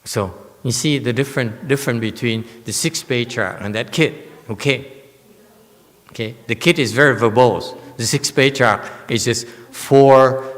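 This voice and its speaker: In a temple lecture hall, a Buddhist master gives a dharma lecture on a sutra, blunt and teasing, often checking in with "okay?". His voice is mid-range and unhurried, trailing off into a long reverb tail.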